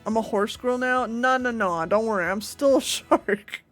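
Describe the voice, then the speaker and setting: A woman streaming a game live, excitable and giggly as she chats with viewers and greets them. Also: a little high, moderate pace. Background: game music.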